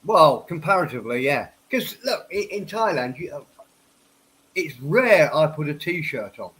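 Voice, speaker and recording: A man's voice: a little high, animated, moderate pace, a bit bright, poor audio. A man hosting a casual livestream chat, stuffed up from a head cold and a few whiskeys in, rambling and restarting his words. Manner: tipsy after a few whiskeys. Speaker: livestream host. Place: home office.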